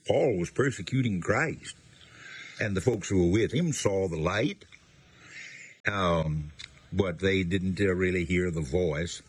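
Husky low-voiced man teaching scripture. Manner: reads scripture aloud, then explains it in plain talk. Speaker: Bible teacher. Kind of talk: Bible teaching.

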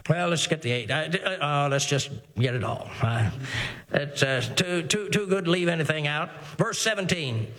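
In a large hall, a man with a notably high, fairly bright voice preaches a sermon. He reads old scripture in a measured, deliberate cadence, then drives his points home with repeated phrases and rhetorical questions to his listeners.

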